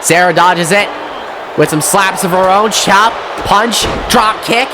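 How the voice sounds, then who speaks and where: Excitable high-voiced male wrestling commentator. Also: measured pace, crowd noise, noisy background. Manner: excitable, sweary, often shouting at the action. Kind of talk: play-by-play video game commentary.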